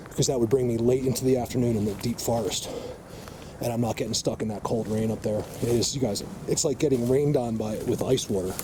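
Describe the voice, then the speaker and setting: A man with an average pitch, talking with emphatic insistence straight to his viewers as he films a walk through the woods. His voice comes through a camera mic with clear outdoor noise behind it and a vehicle now and then. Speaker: vlogger, Bigfoot field researcher. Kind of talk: walk-and-talk field vlog. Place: outdoors in a forest. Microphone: camera mic while filming. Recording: outdoor ambience, noisy, faint vehicle.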